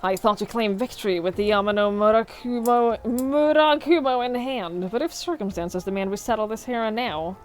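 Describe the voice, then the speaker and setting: A woman streamer voicing a proud, stubborn samurai swordsman in game dialogue, speaking slowly and formally. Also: a little high, natural voice. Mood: defiant.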